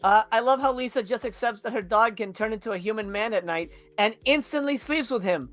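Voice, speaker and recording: A woman's voice: a little high, fairly quick. A woman co-hosting a casual movie-review chat who laughs often and swears freely while listing what she loves. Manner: giggly, profane, animated list of gripes. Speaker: podcast co-host reviewing movies.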